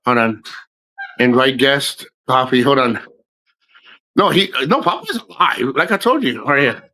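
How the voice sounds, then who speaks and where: Brief: male streamer, mid-pitched, loose rambling chat, cusses a lot, jokes with viewers. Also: sing-song, unhurried, bright, forceful tone, rough recording. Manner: rambling, profane, jokey. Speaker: livestream host. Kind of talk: casual livestream chat.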